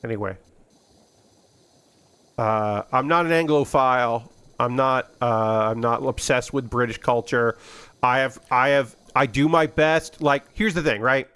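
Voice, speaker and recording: A man's voice: mid-range voice, measured pace, a bit bright, clean tone. A man streaming a game, chatting casually and rambling with many fillers and restarts. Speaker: gaming streamer. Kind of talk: casual gameplay commentary.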